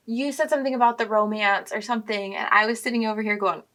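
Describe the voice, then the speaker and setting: A young woman co-hosting a casual podcast chat, excitable and quick to laugh. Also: a little high. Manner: excitable and bubbly, laughs and squeals often. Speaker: podcast co-host.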